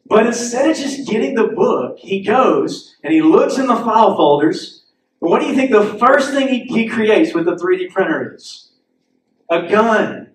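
A man's voice: high-pitched, measured pace, roomy sound, distant mic, slight background noise, low-quality recording. A male pastor preaching a sermon, telling stories with laughs and acting out the characters' lines. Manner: animated storytelling with laughs and acted-out quotes. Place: church sanctuary.

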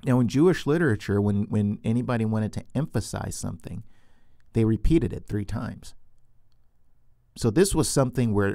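A man's voice: fairly low pitch, creaky, mellow, no room sound, studio quality. A man teaching from the Bible in a loose, unscripted way, often restarting and repeating words, and asking questions that he answers himself.

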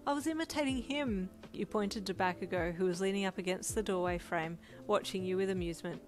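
A woman reading second-person fanfic narration in a soft, even storytelling manner. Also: on the low side, a little fast. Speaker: audiobook narrator. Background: music.

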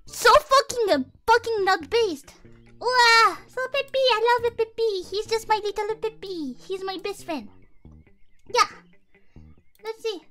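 Goofy woman VTuber on a livestream, very high bright voice, swears freely, reads chat. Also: a little slow, soft background music. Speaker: VTuber streamer.

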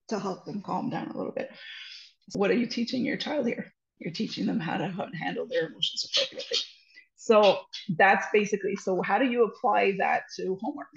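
A woman with a gravelly, fry-tinged voice gives conversational parenting advice, earnest and reassuring as she walks through her points. The sound is roomy and a little dull, like a video call in an echoey room. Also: medium pitch, animated, fairly quick. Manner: earnest, reassuring, repeats "trust me". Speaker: parenting educator guest.

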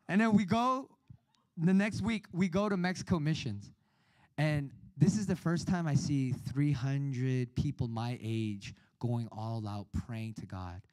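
A man giving a storytelling sermon at a youth retreat, animated and acting out his younger self, often asking "right?". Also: mid-range voice, slow, no echo.

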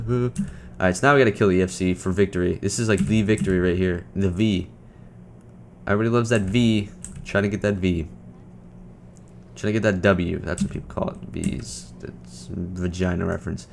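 A young man giving casual, joking commentary over a video game, trash-talking and breaking into loud shouts. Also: sits low, steady tone, moderate pace, gravelly, a little hiss or hum. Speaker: gaming commentator.

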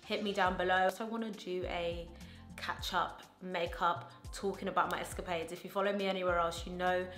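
A woman's voice: fairly low pitch, fairly even intonation, fairly quick, fairly bright tone. A woman beauty vlogger chatting casually while doing her makeup, gushing with enthusiasm and slang. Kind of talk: casual get-ready-with-me chat. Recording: roomy echo with faint music.

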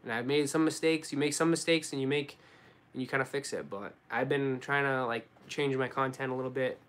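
A young man with a Boston accent, chatting casually on a live stream and answering viewers, relaxed and full of slang. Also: mid-range voice, brisk. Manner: relaxed, slangy, says dude and bro a lot. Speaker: sneaker YouTuber answering live chat.

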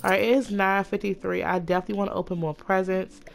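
A woman chatting casually through a life-sim game, gushing over her characters and voicing them in quick asides. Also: mid-range voice, level tone, creaky. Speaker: Sims let's play narrator. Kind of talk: casual gameplay commentary.

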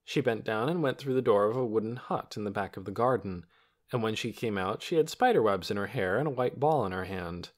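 Animated male audiobook narrator. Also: lowish voice, fairly quick. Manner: expressive, lilting storytelling.

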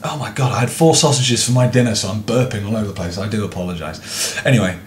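A man's voice: on the low side, fast, reverberant. A young man commenting on a horror game as he plays, jumpy and frustrated, swearing often. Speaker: gaming video host.

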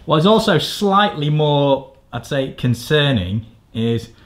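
A man reviewing a bike frame in a crude, rambling, sardonic way, swearing freely and shifting between mumbled asides and louder rants. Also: animated, slow pace. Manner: swearing, rambling, sardonic, pitch jumps up when ranting. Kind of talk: crude comedic tech review.

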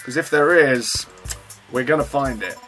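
A man's voice: mid-range voice, unhurried, soft background music. Chatty man narrating gameplay. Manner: chatty, self-mocking, with sudden excited outbursts. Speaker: gaming channel host. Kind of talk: let's play gameplay commentary.

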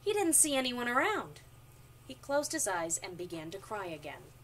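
A woman reading a children's storybook aloud, with expressive narration, recorded from a distance with faint noise. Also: medium pitch, normal speed. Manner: expressive, animated.

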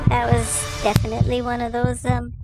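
A woman's voice: a little high, completely flat delivery, normal speed, low-quality recording. A woman hosting a gaming channel, giving casual play-by-play commentary, chatty and fretting aloud with repeated words when chased. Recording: loud game music behind.

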